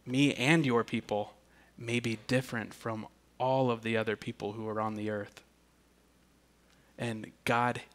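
A man preaching a sermon, deliberate and earnest, often repeating a word as he restarts. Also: mid-range voice, fairly bright tone. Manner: slow and deliberate, with emphatic restarts. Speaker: pastor.

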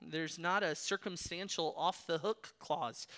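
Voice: mid-range voice, measured pace, few pauses, fairly bright tone. A preacher delivers an expository sermon with firm emphasis. The voice exhorts listeners directly and leans on rhetorical questions to drive each point home.

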